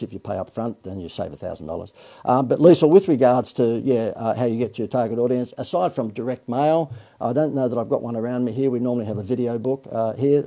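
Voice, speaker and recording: Husky man pitching a course. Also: mellow. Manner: rambling, self-correcting, joking asides. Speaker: marketing course presenter. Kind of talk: live sales pitch.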